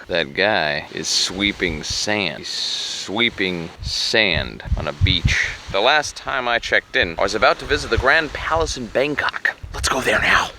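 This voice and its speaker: A man narrating a comedic travel vlog with deadpan, crude jokes and offhand asides. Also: fairly low pitch, normal speed, hardly any pauses. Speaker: travel vlogger.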